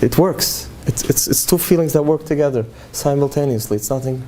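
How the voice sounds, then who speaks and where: A man's voice: mid-range voice, fairly quick, background noise. A middle-aged man, giving an earnest, heartfelt talk to parents. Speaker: speaker addressing parents. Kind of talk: emotional talk to a live audience.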